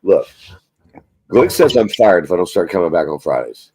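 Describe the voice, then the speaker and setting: A man's voice: low-pitched, sing-song, normal speed, a little mellow, slightly rough, no room sound. A man hosting a casual live stream, rambling and swearing as he chats about movies. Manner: rambling, profane, self-mocking. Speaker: livestream host.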